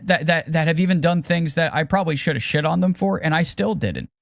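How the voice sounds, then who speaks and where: A man's voice: a little high, animated, fairly quick, creaky, dry recording, studio quality. A podcast co-host in his forties talks in a casual, careful way and restarts his words often. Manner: careful, hedging, repeats words when starting.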